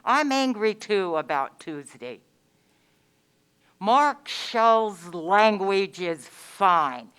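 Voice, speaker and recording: A woman's voice: medium pitch, lively intonation, extremely slow, fairly bright tone, clear, resonant tone. A woman giving public comment at a county meeting, angry and emphatic, repeating her points.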